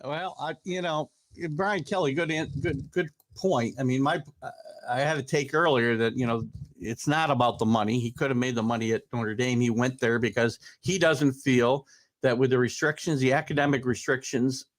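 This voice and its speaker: A man's voice: medium pitch, steady tone, moderate pace. A man hosting a casual sports talk show, chatting and pushing back on his guest. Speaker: host.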